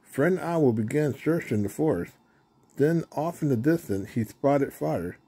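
Guy reading a kids story out loud, slow and easy, trips on a word here and there. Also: mid-range voice, expressive, a little hiss or hum. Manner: unhurried, with small slips and restarts. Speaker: storybook reader. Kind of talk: reading a children's story aloud.

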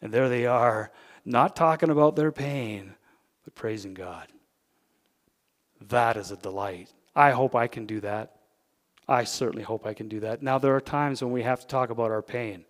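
A man with a Canadian accent, a pastor preaching a sermon, who swings from loud, emphatic peaks down to hushed, intimate asides. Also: medium pitch, normal speed, in a large hall. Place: church sanctuary.

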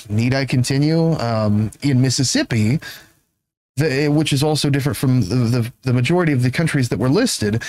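A man hosting a show, giving sarcastic, halting commentary between news clips, with many fillers and restarts. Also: mid-range voice, low-quality recording. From United States. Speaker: show host.

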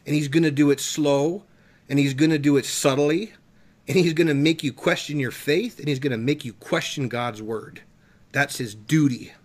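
A man preaching fervently on a talk show, emphatic and emotional, his voice climbing when he gets worked up. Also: a little high.

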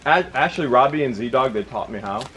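A man visiting a sanctuary, excitable and laughing often as he talks. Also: mid-range voice, a little fast, slight background noise, low-quality recording. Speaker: guest visitor. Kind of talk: casual chat. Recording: loud group chatter behind.

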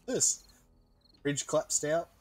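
A young man chatting casually while playing a co-op video game, excitable and quick to yelp and laugh. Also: a little high, heavy background noise. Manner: excitable, yelps and laughs at scares. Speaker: gaming YouTuber. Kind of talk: casual co-op gaming chat.

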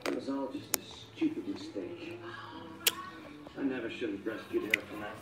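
An actor playing a gruff, blunt grown male ogre, played back from a film on a TV. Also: lowish voice, moderate pace, natural voice. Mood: regretful. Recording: distant film audio on a TV with music.

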